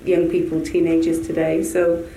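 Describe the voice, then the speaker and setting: A woman, a producer on a panel, giving measured, thoughtful answers. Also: deep voice, completely flat delivery, dark tone, slight background noise. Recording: distant mic in an echoey room.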